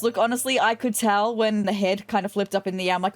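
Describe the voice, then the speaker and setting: A woman's voice: mid-range voice, steady tone, fast, hardly any pauses. A woman hosting a let's-play, chatting casually and playfully through her game with wry asides. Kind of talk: casual game commentary, reading characters' lines aloud. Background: faint game music.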